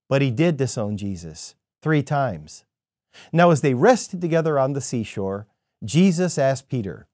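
A man giving a scripted devotional sermon in an expressive storytelling manner. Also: mid-range voice, normal speed, dry recording, clean studio sound. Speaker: devotional speaker.

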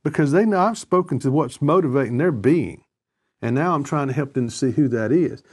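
A man's voice: medium pitch, animated, fairly quick, a little mellow, slightly rough. A man in a conversational discussion, telling earnest stories and repeating phrases for emphasis. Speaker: discussion guest.

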